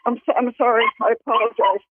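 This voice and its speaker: A woman's voice: on the high side, steady tone, fast talker. A woman calling in to a live show, answering briefly and agreeing. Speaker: caller. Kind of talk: phone call-in. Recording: tinny phone line. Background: dog barking.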